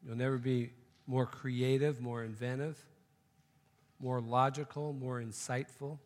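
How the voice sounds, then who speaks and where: A man's voice: mid-range voice, level tone, measured pace, in a large hall. A man preaching a sermon, telling a joke story and then making emphatic, repeated points. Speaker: pastor.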